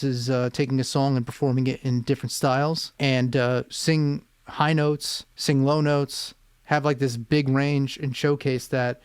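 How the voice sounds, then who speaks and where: A man's voice: medium pitch, clean tone, no echo. Man, vocal coach, casual reaction commentary, rambling, dry sound. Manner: thoughtful, chatty and rambling.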